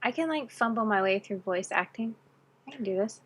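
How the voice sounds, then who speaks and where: A woman's voice: on the high side, animated, fairly quick, breathy edge. A woman co-hosting a casual stream, mostly chiming in with short, supportive remarks. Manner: supportive, brief agreeing interjections. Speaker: streamer co-host.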